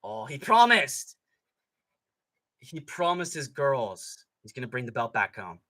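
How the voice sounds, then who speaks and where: Sarcastic young man ranting with a lively pitch. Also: unhurried. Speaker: streamer host. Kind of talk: live fight reaction commentary.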